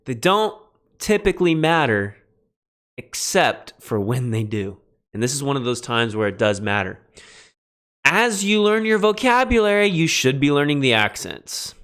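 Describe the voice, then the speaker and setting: A man teaching a beginning Greek lesson on a livestream, relaxed and self-deprecating, spelling words out letter by letter. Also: mid-range voice. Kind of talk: livestreamed lecture.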